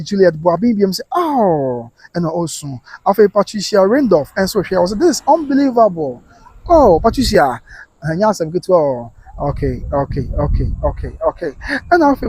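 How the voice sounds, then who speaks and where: A man's voice: high-pitched, a little mellow, breathy edge, no echo. A Ghanaian man hosting a livestream, reading viewers' comments aloud and answering with consoling words, switching between Twi and English. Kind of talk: live-stream commentary.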